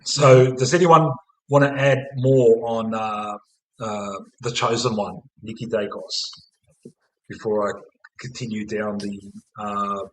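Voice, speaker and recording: A man's voice: on the low side, fairly even intonation, slow, a bit bright, rough recording. Australian man hosting sweary footy chat. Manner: swears a lot, fillers, "mate" and "man". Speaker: host of a fan stream.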